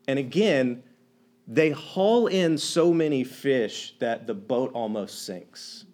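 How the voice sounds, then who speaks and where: Animated storytelling male preacher. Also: on the high side, a little slow. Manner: animated, acts out quoted lines, many restarts. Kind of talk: conversational sermon storytelling.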